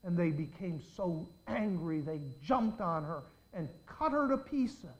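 A man's voice: sits high, expressive, unhurried, lo-fi sound. An older man preaching a sermon, telling dramatic stories and putting questions straight to his congregation.

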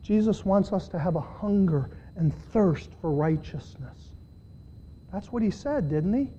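A man preaching a sermon to his church, swinging between loud, pleading passages and quiet asides. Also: sits high, lively intonation, measured pace, slight background noise. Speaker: pastor. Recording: dull lo-fi sermon recording.

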